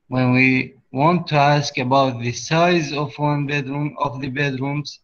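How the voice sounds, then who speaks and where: A man teaching an English class, explaining slowly with pauses and fillers, sometimes switching to Arabic. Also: a little high, steady tone, a bit bright, lo-fi sound. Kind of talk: online class lesson.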